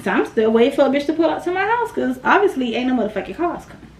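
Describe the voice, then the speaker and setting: Young woman, high voice, swooping pitch, blunt and profane storyteller, roomy echo. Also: big pitch swings, very fast. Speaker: storytime vlogger. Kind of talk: casual storytime chat.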